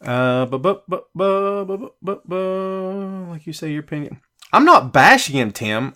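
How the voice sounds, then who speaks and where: Here a wrestling podcast host, his voice mid-range and a bit bright, answers viewers' comments during a relaxed livestream. His talk is slangy and repetitive as he rants with bluntness and passion.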